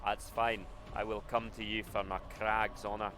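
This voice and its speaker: A man's voice: on the low side, flat delivery, moderate pace, natural voice. A man voicing a brash, bloodthirsty male soldier, taunting his enemies over game music and gunfire. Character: brash swaggering male soldier with a put-on accent.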